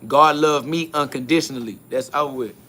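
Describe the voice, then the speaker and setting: A man's voice: mid-range voice, brisk, pushed and bright. A male podcast host giving a solo spiritual monologue, answering listener comments in a blunt, profane, confrontational way and repeating his catchphrases.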